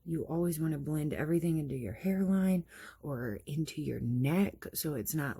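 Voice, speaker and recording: A woman talks through her morning makeup routine in a casual, chatty way, explaining each step as she goes. Her voice is slightly husky. She often pokes fun at herself. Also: sits low, normal speed, dark tone. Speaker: makeup vlogger.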